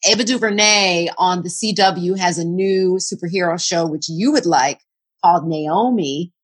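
A woman co-hosting a casual chat, talking in a relaxed, chatty way with enthusiastic recommendations. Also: lowish voice, moderate pace. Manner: teasing, then enthusiastic recommending.

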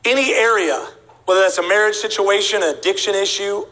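A man's voice: high voice, a little fast, poor audio. A man preaching a humorous sermon to a church congregation, telling stories and acting out the voices of the people in them. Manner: animated, acts out voices of people in his stories. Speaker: guest preacher. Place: church sanctuary before a congregation.

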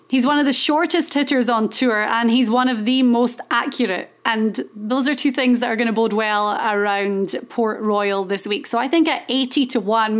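A woman with a Scottish accent co-hosting a casual golf preview chat, upbeat and confident. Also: a little high. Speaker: golf show co-host.

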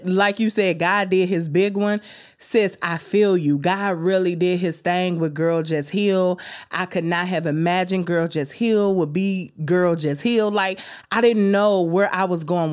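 A young adult woman hosting a faith-based self-care podcast, talking like an encouraging big sister with high, excited bursts. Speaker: podcast host.

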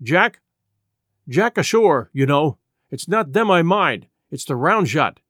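Stern middle-aged sea captain, clipped commands, fairly high voice, dry as read by a man. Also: big pitch swings, slow, a bit bright, dry recording, heavily acted. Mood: commanding. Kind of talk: audiobook character voice.

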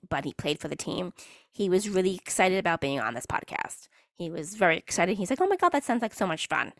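A woman's voice: fairly low pitch, fairly bright tone, no room sound, studio quality. A woman hosting her own podcast, talking in a chatty, rambling way and often stopping mid-sentence to restart. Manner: chatty, rambling, self-interrupting. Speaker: podcast host. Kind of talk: casual solo podcast monologue.

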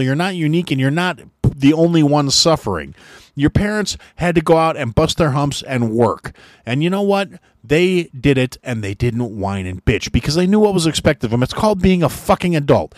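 A man's voice: fairly high pitch, dry recording, clean studio sound. A middle-aged man hosting a podcast, delivering an angry, sarcastic, profane rant and mocking others in whiny voices. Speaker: podcast host. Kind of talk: profane ranting monologue.

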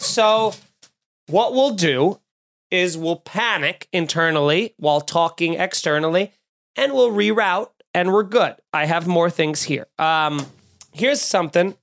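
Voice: medium pitch, a bit bright. Profane, rambling comedic podcast host. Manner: profane, rambling, mock-exasperated. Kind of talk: casual comedic chat.

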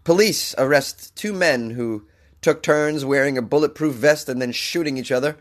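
A man's voice: medium pitch, normal speed. A man hosting a comedic news podcast, under the weather, reading stories and ranting in exasperation. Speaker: podcast host.

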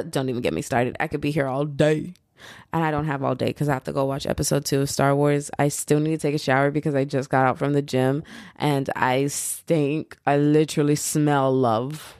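A woman's voice: low-pitched, darkish tone, no room sound, studio quality. A young American woman hosting a solo podcast, rambling casually in slangy, chatty talk and laughing easily. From United States. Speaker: podcast host.

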